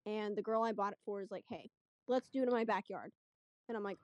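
A woman's voice: medium pitch, brisk, no room sound. Chatty young woman telling a story. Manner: chatty, animated retelling with quoted voices. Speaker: guest storyteller. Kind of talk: casual storytelling.

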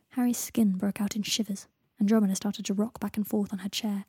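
A woman reading a story aloud as narrator, steady and measured. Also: medium pitch, husky, dry recording, studio quality. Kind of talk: audiobook reading of fan fiction.

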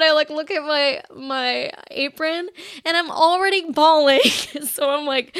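High-voiced young woman, chatty and gravelly. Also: steady tone, moderate pace, fairly bright tone, no echo, clean studio sound. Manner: chatty, heavy "like" filler, acts out her own past lines. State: shaky, emotional. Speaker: podcast host. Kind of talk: casual confessional monologue.

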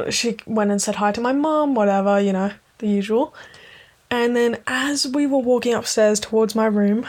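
A woman rambling casually in a late-night podcast episode, giggling often and swearing freely, sometimes dropping to a hushed voice. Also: on the high side. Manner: drops to a hushed voice at times. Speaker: podcast host.

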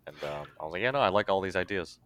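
A man's voice: sits low, lively intonation, racing, a bit bright. A man hosting a casual podcast, rambling and breaking off mid-sentence, laughing at himself. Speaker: podcast host.

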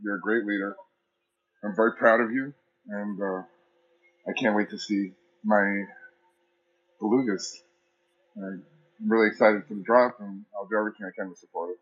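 Man, husky, lowish, slightly rambling tribute. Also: steady tone, normal speed, long pauses. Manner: warm, proud, slightly rambling. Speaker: community member. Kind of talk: casual tribute. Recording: dull lo-fi audio.

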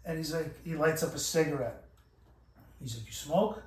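A man's voice: a little high, normal speed, roomy sound, recorded from a distance. A man telling a long story in casual, profane chat, with many restarts and acted-out quotes. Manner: profane, rambling, full of restarts and quoted voices. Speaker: podcast host.

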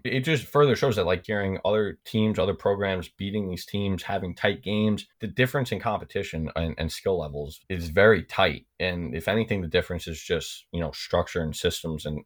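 Low-voiced young man telling rambling stories. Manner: rambling, repeats words, lots of "like". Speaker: podcast guest, former college backup goalie. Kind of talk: casual storytelling.

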